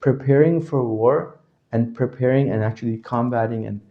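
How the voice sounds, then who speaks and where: A man teaching a class, constantly asking his listeners questions and checking that they understand, his voice jumping from loud to quiet. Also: medium pitch, normal speed, phone-quality sound. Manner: animated, swings from loud to quiet. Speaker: religious teacher. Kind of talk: interactive lecture to a class.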